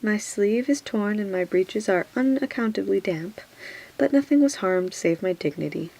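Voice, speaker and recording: A woman voicing a sardonic, witty dwarf nobleman in a soft whispered role-play, dry and mocking. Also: medium pitch, expressive, normal speed, creaky, low-quality recording.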